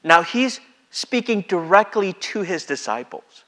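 A high-pitched male pastor preaches at a measured pace, chatting his way through the sermon. He reads passages of scripture and gives the quotes vivid, acted-out voices.

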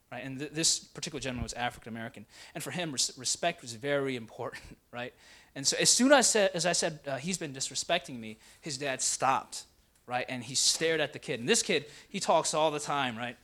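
A young adult man, an intern pastor, telling a personal story in a sermon with lots of "right?" tags and animated delivery. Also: mid-range voice, a little fast.

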